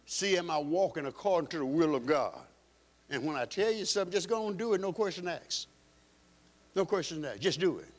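Man, pastor, sermon, somewhat high voice, emphatic, repeats phrases.

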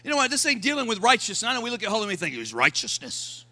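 A man preaching a sermon as pastor, shouting lines and calling for responses from the congregation. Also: sits high, huge pitch swings, very fast.

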